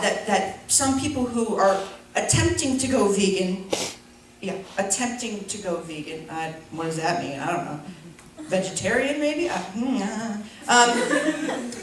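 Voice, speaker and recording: A woman's voice: mid-range voice, a bit bright, slight background noise. A young woman performing a stand-up comedy set, rambling through her jokes with lots of fillers and self-deprecating asides. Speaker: stand-up comic. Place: school auditorium before a laughing audience. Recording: echoey hall from far off.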